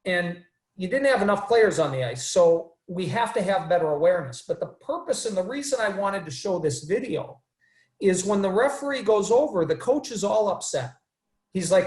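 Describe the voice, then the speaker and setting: A man's voice: high-pitched, lively intonation, moderate pace, a little mellow. A man moderating a casual panel discussion over a video call, hesitant, with many restarts, acting out quotes as he retells a scene. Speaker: webinar moderator. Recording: echoey room sound.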